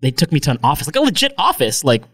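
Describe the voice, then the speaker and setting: A man from the United States telling a story in a casual chat, animated, acting out other people and laughing often. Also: a little high, very fast, breathy edge.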